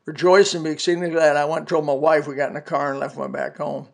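A man's voice: a little high, level tone, quick pace, vocal fry. A man in his seventies telling a personal testimony on a podcast, earnest and folksy, weaving in scripture quotes. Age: 70s. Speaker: podcast preacher.

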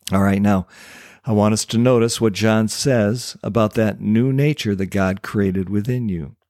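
Male Bible-teacher host, mid pitch, earnest, emphatic, dry close mic. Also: darkish tone, no echo.

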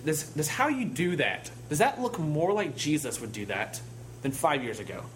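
A man's voice: fairly high pitch, sing-song, normal speed, slight background noise. A man preaching a sermon in a conversational way, telling stories and asking rhetorical questions.

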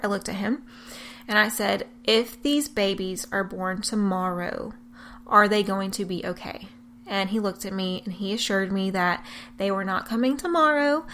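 A young woman telling, with deep emotion and earnest candor, the story of her twins' premature birth. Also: moderate pace, a bit bright, a little hiss or hum. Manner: emotional, tearful at times, earnest. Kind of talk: personal testimony.

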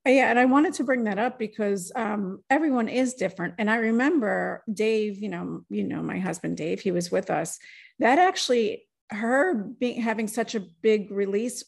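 A woman's voice: mid-range voice, moderate pace, vocal fry, breathy edge. A woman hosting a podcast, chatting casually with her guest and chiming in with short agreements. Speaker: podcast host. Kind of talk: casual interview chat.

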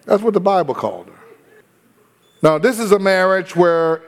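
A man's voice: high-pitched, lively intonation, moderate pace. Man preaching in an echoey hall. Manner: storytelling, addresses congregation directly. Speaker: pastor. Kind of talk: sermon.

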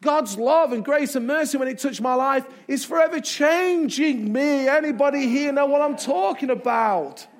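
A man preaching as a pastor in a church, emphatic, with dramatic pauses and repetition. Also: very high-pitched. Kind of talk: sermon. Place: church sanctuary.

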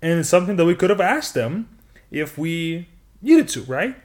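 Man, podcast host, upbeat and animated, slightly higher voice, teaching phrases. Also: moderate pace. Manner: upbeat, animated, laughs often. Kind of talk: casual podcast chat and language lesson.

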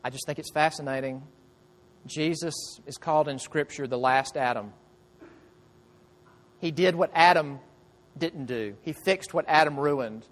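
A man's voice: on the high side, measured pace, pauses often. A male pastor delivering a sermon in a conversational storytelling way, often asking the listeners rhetorical questions. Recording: long reverb of a large hall.

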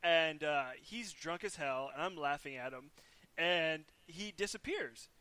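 A man's voice: fairly high pitch, expressive, a little slow, pushed and bright. A man casually telling stories as the older brother, profane and laughing often. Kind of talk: casual chat.

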